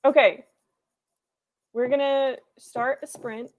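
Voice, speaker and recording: A young woman hosts a writing livestream from her room, talking to her viewers in a playful, chatty way. Her voice sits a little high, and she picks up chat comments as they come in. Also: steady tone, slow. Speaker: livestream host.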